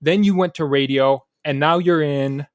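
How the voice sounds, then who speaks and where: A man's voice: fairly high pitch, moderate pace, dry recording. A man from the Midwest hosting a podcast interview in a studio, asking friendly guided questions. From American Midwest. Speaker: podcast host. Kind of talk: conversational interview.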